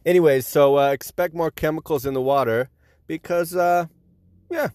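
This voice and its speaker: A man's voice: a little high, normal speed, a little mellow, smooth, no room sound. Profane, sarcastic male comedy host. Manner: sarcastic, crude, profane, self-mocking. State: sick with a stuffy nose. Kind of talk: comedic news monologue.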